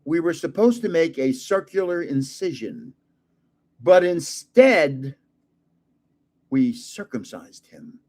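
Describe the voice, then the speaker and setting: An older man voicing a male doctor giving bad news slowly and solemnly while retelling a sitcom joke. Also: a little high, very animated, a little mellow.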